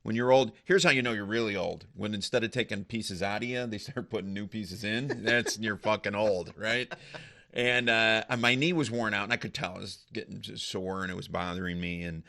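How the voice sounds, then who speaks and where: Gravelly older man telling jokes. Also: lowish voice, steady tone, brisk, bright, forceful tone. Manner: profane, self-mocking joke-telling. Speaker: comedian guest. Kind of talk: casual storytelling.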